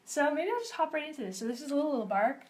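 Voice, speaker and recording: A young adult woman, a storyboard artist, walks through an episode pitch on a live stream in an upbeat, bubbly way and laughs easily. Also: animated, very fast, darkish tone. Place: studio during a live stream.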